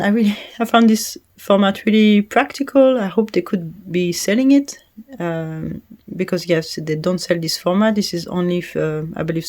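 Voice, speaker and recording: A woman's voice: mid-range voice, darkish tone. A woman with a French accent, a native French speaker, giving a casual, chatty perfume review with frequent hesitations and little laughs. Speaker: fragrance reviewer.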